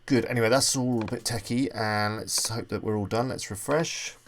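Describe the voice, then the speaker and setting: A man's voice: on the low side, normal speed, slight background noise. A man presenting a screen-recorded web design tutorial, casually thinking aloud as he clicks through each step. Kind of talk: screen-recorded software walkthrough.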